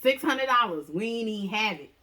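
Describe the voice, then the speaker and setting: Animated woman telling a storytime tale. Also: fairly quick. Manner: animated, acts out quotes with big pitch jumps; talks straight to viewers, says "y'all" often. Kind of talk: casual storytime chat.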